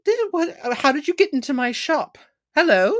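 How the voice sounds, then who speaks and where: A woman's voice: high voice, very animated, moderate pace, voice pushed up. A woman voicing a flustered, very camp male satyr shopkeeper in a tabletop game, theatrical and scattered. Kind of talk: tabletop role-play.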